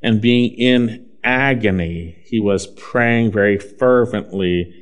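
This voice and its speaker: Earnest male preacher, hushed then emphatic. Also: fairly low pitch. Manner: earnest, swings between loud emphasis and slow hushed phrases. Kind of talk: sermon with scripture reading.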